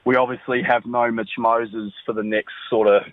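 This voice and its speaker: A man's voice: mid-range voice, flat delivery, normal speed, no room sound. Glum New Zealand man on a phone line. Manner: glum, candid, swearing. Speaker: caller. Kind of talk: phoned-in voice message.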